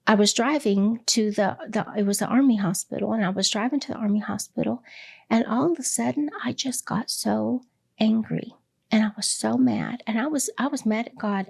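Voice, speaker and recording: Middle-aged woman with a gravelly edge, reflective and candid, lots of ums. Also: medium pitch, a little mellow. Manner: candid and reflective, with many pauses and fillers. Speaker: hospice director, interview guest. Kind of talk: personal storytelling in an interview.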